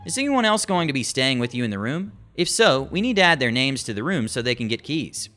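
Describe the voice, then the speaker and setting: Man plays a patient, firm front-desk supervisor with a lively delivery. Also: medium pitch, a little fast. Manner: polite, firm, procedural.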